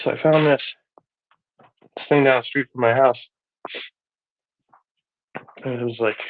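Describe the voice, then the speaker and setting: A man rambling his way through a loose, hesitant monologue, slightly out of breath, circling his point with fillers. His voice sits at an ordinary pitch, and the sound is thin and tinny, as if it came over a phone line. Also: a little hiss or hum. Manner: meandering, hesitant, lots of fillers. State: a bit out of breath. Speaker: live streamer.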